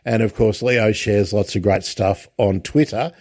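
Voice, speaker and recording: A man's voice: on the low side, fairly even intonation, a little slow, a little mellow, no echo. A man hosting an interview in a chatty way, often restarting his sentences. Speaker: podcast host. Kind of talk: casual interview chat.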